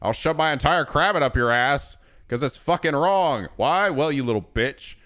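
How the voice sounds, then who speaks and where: A man's voice: on the low side, unhurried, fairly bright tone, clean tone. Man putting on a furious, profane prosecutor for a game parody; raised, sneering, insult-heavy. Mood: mocking fury. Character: furious foul-mouthed male prosecutor, insulting.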